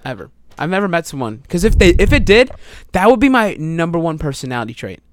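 A young man co-hosting a casual podcast, excitable and laughing, swearing freely and acting out quotes. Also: fairly high pitch, fast, a little hiss or hum. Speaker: podcast co-host.

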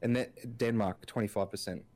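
A man's voice: lowish voice, steady tone, normal speed, a little mellow. A man co-hosting a casual podcast, rambling through his points with lots of filler words and restarts. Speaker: podcast co-host. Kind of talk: casual chat.

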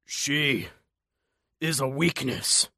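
A man voicing a menacing male Cyclops giant who taunts in a rasping, drawn-out way. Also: a little high, very animated, fairly bright tone, no room sound, studio quality, heavily acted. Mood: rasping menace.

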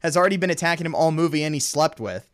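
On a film podcast, an eager male co-host speaks at a racing clip, his pitch a touch high for a man. His talk is easygoing and full of laughter, and he readily acts out dialogue from the movies.

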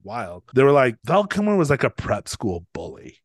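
On a podcast, a male co-host tells a story in casual conversation, acting out the people he quotes and laughing a lot. His voice is medium-pitched and sing-song at a moderate pace, recorded cleanly in a studio with no echo.

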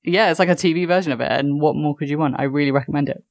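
A woman's voice: low voice, rapid-fire, loud music behind the voice. A woman co-hosting a podcast, talking in a loose, chatty way with lots of fillers and restarts. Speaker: podcast co-host. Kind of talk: casual chat.

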